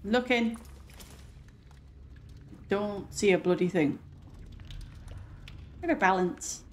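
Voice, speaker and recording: A young British woman with a British accent giving excitable, gushing, chatty commentary while playing a video game. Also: medium pitch, slow, slight background noise. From Britain. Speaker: gaming streamer. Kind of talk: casual gameplay commentary.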